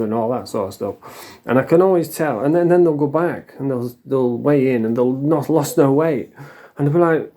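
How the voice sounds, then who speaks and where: Mellow and mid-range, this middle-aged Englishman's voice moves at a moderate pace as he vlogs. His delivery to the camera is offhand and plain-spoken, wandering from point to point with plenty of swearing.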